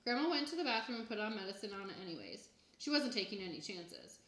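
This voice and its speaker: A woman reading a children's book aloud in an even, plain storytelling manner. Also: mid-range voice, fast talker. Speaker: reader. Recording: echoey room.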